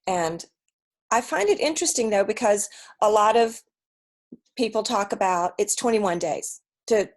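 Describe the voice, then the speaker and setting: A woman's voice: mid-range voice, animated, a little slow. A woman hosting a conversational interview over a video call, chatty and candid, often jumping in with asides. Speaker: interview host.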